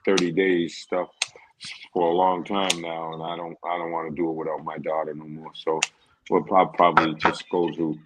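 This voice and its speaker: A man's voice: low-pitched, little pitch movement, normal speed, background noise. A man guesting on a podcast, telling stories in a rambling, casual way and often checking in with "you know what I mean". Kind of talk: casual storytelling.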